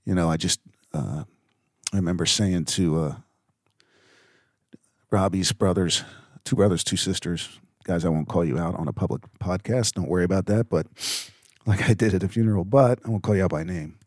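A middle-aged man hosting a reflective faith podcast, speaking earnestly and haltingly with many fillers. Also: low voice, darkish tone, no echo, studio quality. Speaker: podcast host.

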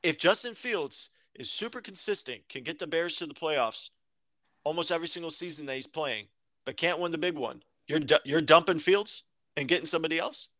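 A man's voice: a little high, sharp tone, no echo. A man co-hosting a podcast, debating sports casually and often restarting his sentences as he thinks. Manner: halting, repeats his words while thinking. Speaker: podcast co-host.

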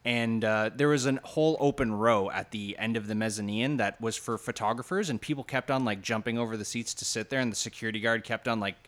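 A man's voice: on the low side, a little fast, few pauses. A man co-hosting a casual chat podcast, telling stories with laughter. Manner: animated storyteller, laughs often. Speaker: podcast co-host.

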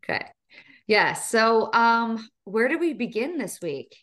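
A woman's voice: fairly high pitch, sing-song, takes it slowly, a bit bright. Chatty, playful woman podcast co-host. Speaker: wellness coach, podcast co-host. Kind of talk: casual podcast chat.

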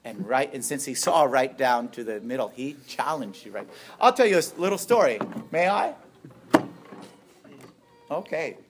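A middle-aged man, a priest, giving a storytelling witness talk, animated and playful as he acts out what others said. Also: normal speed, a little hiss or hum. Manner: animated, acts out quoted voices with big pitch jumps.

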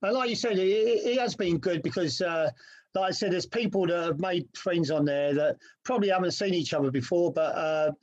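A man's voice: sits high, a little fast, a little mellow. A man from England hosting, thanking a guest modestly and signing off in casual chat. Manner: modest, laughing, says cheers mate. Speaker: host. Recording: slightly dull lo-fi sound.

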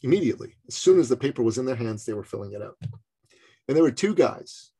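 A middle-aged man from Canada telling a personal story in conversation, animated and acting out the voices of others. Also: medium pitch, quick pace, slightly rough. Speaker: speaker and business coach.

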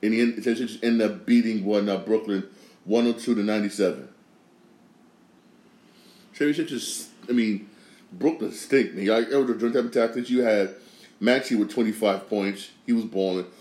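Emphatic low-voiced man, echoey room. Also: moderate pace, darkish tone. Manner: emphatic, repeats phrases, frequent restarts. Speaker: podcast host. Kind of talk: opinionated sports and news commentary.

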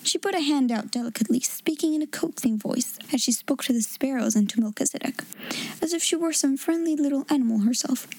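High-voiced woman reading a children's story. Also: brisk, no echo, low-quality recording. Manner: expressive, gently acted dialogue. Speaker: storyteller and host.

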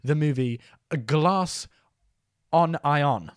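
A man's voice: fairly high pitch, very slow, clear, resonant tone, no echo, studio quality. A young man co-hosting a podcast in silly, giggly banter, given to wandering puns. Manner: goofy, giggly, trails off into puns. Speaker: podcast co-host.

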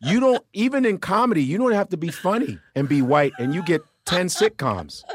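A man's voice: sits high, fairly quick, slight background noise. A male comedian, talking loosely in a podcast chat and slipping into mocking voices. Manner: animated, profane, does mocking voices. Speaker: comedian guest.

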